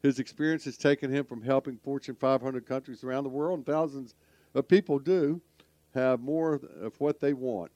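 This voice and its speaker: A man's voice: medium pitch, normal speed, darkish tone, dry recording, lo-fi sound. Folksy rambling male talk show host. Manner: folksy, rambling, stumbles over words. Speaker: podcast host. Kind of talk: radio talk show hosting.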